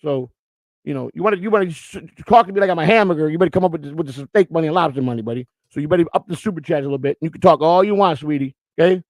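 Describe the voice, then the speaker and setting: A man's voice: on the high side, lively intonation, fast, darkish tone, dry recording. A man chatting casually on a livestream, rambling and repeating himself as he teases viewers who send super chats.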